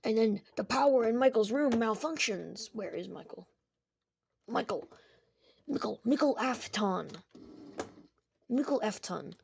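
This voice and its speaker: A woman narrates a made-up story over game footage in a rambling, casual way. Her delivery is slow with a gravelly fry. Faint keyboard clicks sit in the background. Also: fairly high pitch, lively intonation, a little mellow, a little hiss or hum. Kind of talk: improvised narration over gameplay.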